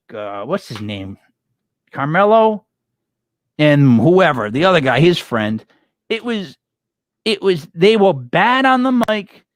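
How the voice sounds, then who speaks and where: A man's voice: fairly high pitch, no room sound, clean studio sound. A man co-hosting a casual live-streamed wrestling chat, ranting with strong opinions. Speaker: wrestling podcast co-host.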